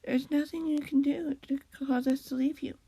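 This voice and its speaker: Woman doing a soft calm sweet friend, gentle and reassuring. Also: sits high, normal speed, no room sound.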